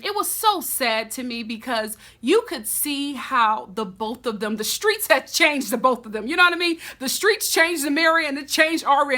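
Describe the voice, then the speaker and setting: A woman giving a casual, expressive TV episode recap as a vlogger. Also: high voice. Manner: expressive, animated storytelling.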